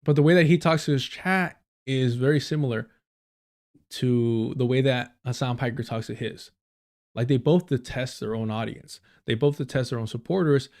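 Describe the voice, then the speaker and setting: A male streamer talks through clips in a loose, rambling way. He swears often and leans on fillers, his voice sitting in an ordinary middle pitch. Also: moderate pace, darkish tone. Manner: rambling, profane, many fillers. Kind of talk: casual live-stream commentary.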